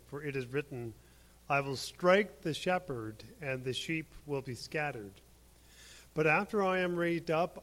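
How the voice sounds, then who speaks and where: A man reading scripture aloud slowly and carefully. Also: on the high side, fairly bright tone, rough recording. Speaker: scripture reader.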